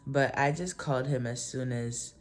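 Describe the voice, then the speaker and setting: Over soft background music, a woman vlogger with a very deep voice speaks at a moderate pace. She tells a personal story casually and ramblingly, full of "like" and "um," and often corrects herself.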